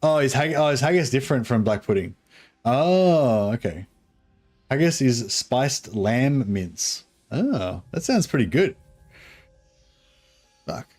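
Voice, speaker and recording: A man's voice: mid-range voice, sing-song, takes it slowly, long pauses, darkish tone, soft background music. A man chatting casually on a game livestream, rambling, chuckling and reading chat aloud. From Australia. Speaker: streamer. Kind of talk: casual live-stream chat.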